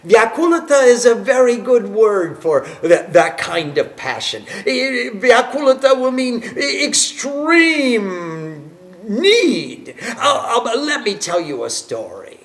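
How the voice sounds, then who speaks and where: A man teaching a devotional class as a spiritual teacher, animated and emphatic, laughing as he tells stories. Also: extremely high pitch, slow. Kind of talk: devotional class lecture with storytelling.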